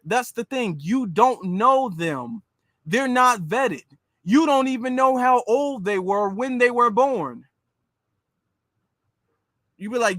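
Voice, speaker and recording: A man with a fairly high voice delivers casual commentary in a sarcastic, mocking, animated way, speaking slowly and pausing often. The recording is dry and close, with no room sound.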